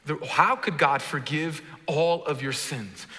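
Animated New preacher in a big hall. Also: male voice, a little slow. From Brooklyn. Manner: animated, swings from booming to hushed, jokes with the crowd. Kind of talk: sermon. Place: church auditorium. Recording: large reverberant hall.

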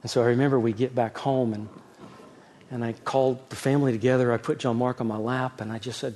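A middle-aged man, a pastor, preaching a sermon with a personal story, swinging from loud emphasis to soft, hushed telling. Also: medium pitch, fairly even intonation, quick pace, a little hiss or hum.

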